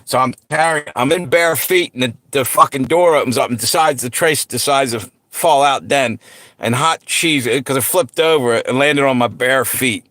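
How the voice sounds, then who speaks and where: A man's voice: medium pitch, normal speed, fairly bright tone, no room sound. A middle-aged man hosting a livestream, chatting casually with viewers and telling stories, laid-back, laughing often and swearing freely. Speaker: livestream host.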